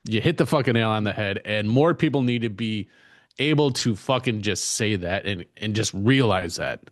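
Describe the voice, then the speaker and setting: A man co-hosting a podcast, agreeing loudly and swearing emphatically. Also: lowish voice, expressive, normal speed, no echo. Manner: profane, emphatic agreeing reactions. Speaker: podcast co-host. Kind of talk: casual podcast chat.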